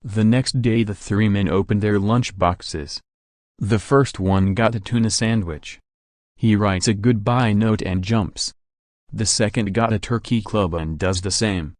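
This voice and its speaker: A man reading a string of jokes aloud in a flat, even delivery. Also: on the low side, dry recording, clean studio sound. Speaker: joke narrator. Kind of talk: scripted joke reading.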